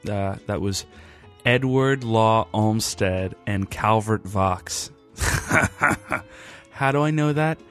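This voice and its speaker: A man hosting a podcast in a casual, rambling way, worn out after a long day and pausing often with fillers. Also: lowish voice, soft background music. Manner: rambling, halting, with frequent fillers. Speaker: podcast host.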